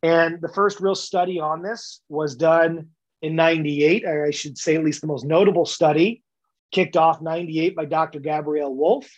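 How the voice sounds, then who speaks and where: A man's voice: a little high, steady tone, normal speed, highs cut off. Emphatic man explaining coaching ideas. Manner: emphatic, lecture-like, repeats words for stress. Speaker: podcast guest, coaching expert. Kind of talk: explanatory interview talk.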